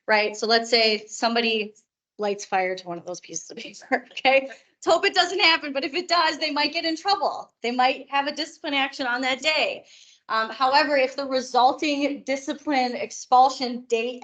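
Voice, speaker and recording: A hoarse woman presenting at a conference, explaining in a chatty way with joking asides. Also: on the high side, fairly bright tone. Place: conference room.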